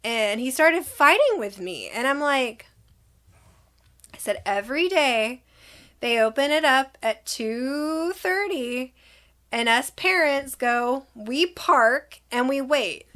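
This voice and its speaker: A middle-aged woman with a somewhat high voice tells a personal story in a casual storytime vlog. She is animated, and she acts out both sides of an argument in quick reported dialogue. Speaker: vlogger telling a personal story.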